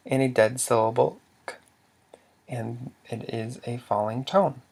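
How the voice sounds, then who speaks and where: A man's voice: medium pitch, measured pace, creaky, darkish tone, breathy edge. A man teaching a language lesson, explaining rules patiently step by step with some fillers.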